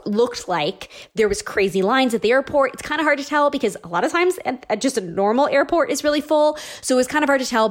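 A woman in her thirties tells a story in a loose, conversational way. She jumps between thoughts, fills pauses with "um" and "like", and acts out the little exchanges. Her voice sits at an ordinary middle pitch. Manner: chatty, animated, lots of likes and ums. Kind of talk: casual storytelling monologue.

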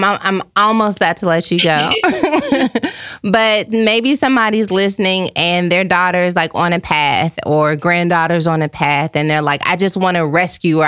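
A woman hosting an interview, asking gentle, reflective questions. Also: fairly low pitch, clean tone, no room sound, studio quality. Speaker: host.

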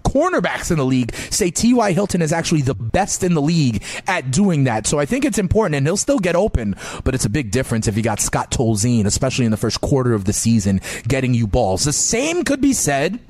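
A man giving fantasy football analysis in an emphatic, animated sports radio style. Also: mid-range voice, fairly quick, few pauses, dry recording. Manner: animated, emphatic, sing-song delivery.

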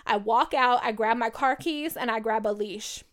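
A woman's voice: a little high, normal speed. A young adult woman co-hosting a podcast, telling a long story in casual, slangy, profane chat. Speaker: podcast co-host.

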